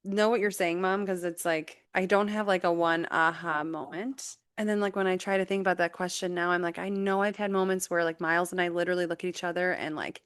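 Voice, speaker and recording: A woman's voice: fairly low pitch, fairly even intonation, fairly quick, few pauses, smooth, dry recording, clean studio sound. A woman in her thirties, a teacher and mother, musing at length in a casual podcast chat, with many fillers. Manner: reflective, rambling with many fillers.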